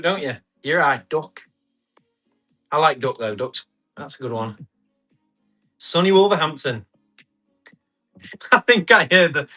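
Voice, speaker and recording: A man's voice: on the high side, bright, forceful tone. A man, chatting casually as he runs a live tool auction, reading out bids and comments and laughing often. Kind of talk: casual live-stream selling chat.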